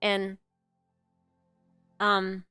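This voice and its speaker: A woman's voice: medium pitch, monotone, extremely slow, bright, forceful tone, smooth, dry recording, soft background music. A middle-aged woman co-hosting a show, telling a personal story in a candid, rambling way, with lots of fillers and swearing. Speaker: co-host.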